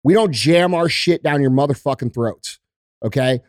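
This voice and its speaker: A man's voice: a little high, moderate pace, no echo, clean studio sound. A man co-hosting a podcast, ranting in heated casual talk and swearing often. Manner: profane, emphatic ranting. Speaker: podcast co-host.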